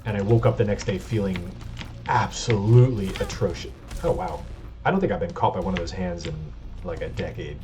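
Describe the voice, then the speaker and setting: A man with a lowish, slightly mellow voice hosts a let's play from his home computer setup, giving candid gameplay commentary. He rambles and confesses, restarting sentences and laughing, all picked up by a built-in webcam mic. Keyboard clacking and faint game music play in the background.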